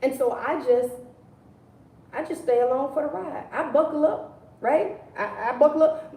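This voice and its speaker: A woman preaches in a casual, conversational manner on a livestream and keeps repeating her key phrases. Her voice is high and mellow. She is recorded from a distance in an echoing room. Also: moderate pace. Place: indoors, livestream. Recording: echoey room, distant mic.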